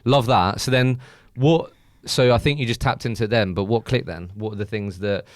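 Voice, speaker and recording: A man's voice: fairly low pitch, moderate pace, no room sound, clean studio sound. Laid-back male podcast host. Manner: informal, swears, rambling questions. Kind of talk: casual interview chat.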